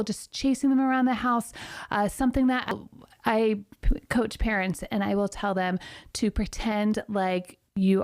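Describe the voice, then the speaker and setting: A woman's voice: on the high side, no echo. A woman who works as a parenting coach, a guest speaking energetically and cheerfully in a casual interview. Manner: energetic, upbeat, quick and laughing.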